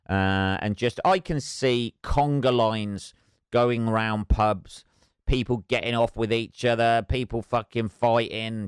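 A man's voice: on the low side, clean tone, no echo, studio quality. A man hosting a solo podcast, rambling and wry with constant swearing, sipping tea as he talks. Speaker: podcast host.

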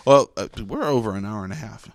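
A man's voice: lowish voice, expressive, fast. A man hosting a podcast in casual chat, rambling and joking at his own expense. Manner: rambling, self-deprecating joker. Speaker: podcast host.

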